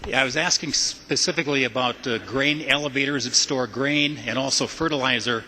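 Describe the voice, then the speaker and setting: A man's voice: mid-range voice, brisk, background noise. A man, a state representative, poses hesitant questions full of "uh" during a legislative floor debate. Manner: hesitant, with many "uh" fillers. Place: large legislative chamber. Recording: long reverb of a large chamber.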